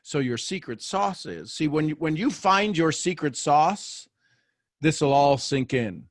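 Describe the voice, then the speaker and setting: Fairly high-voiced man giving a pep talk. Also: measured pace, dry recording, clean studio sound. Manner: animated and joking, with frequent restarts. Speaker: host of a motivational live show. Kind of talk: motivational talk to a live online audience.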